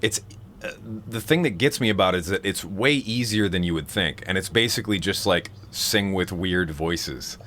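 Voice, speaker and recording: A man with a very low voice talks casually on a live stream, wandering through his thoughts with plenty of fillers and restarts. A faint hiss of noise sits under his voice. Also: moderate pace, fairly bright tone. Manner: rambling, many fillers and restarts. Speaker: streamer hosting a vocal seminar.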